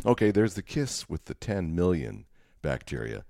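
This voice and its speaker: Deep-voiced man co-hosting a chatty podcast. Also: big pitch swings, normal speed, mellow, no room sound, clean studio sound. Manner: joking, laughs often. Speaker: podcast co-host. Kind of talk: casual chat.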